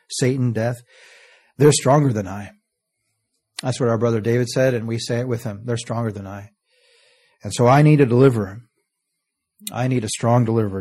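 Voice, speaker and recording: A man preaching a sermon, earnest, reading scripture slowly and letting phrase ends fall soft. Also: mid-range voice, husky. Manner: earnest, often trailing off softly at phrase ends; reads scripture in slow, stressed King James cadence.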